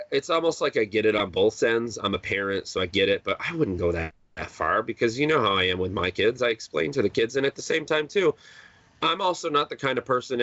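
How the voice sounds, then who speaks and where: A low-voiced man rambles through a casual podcast chat, circling back with fillers and restarts. The sound is dull and dry, like a cheap home setup. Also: fairly bright tone, no room sound. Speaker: podcast co-host.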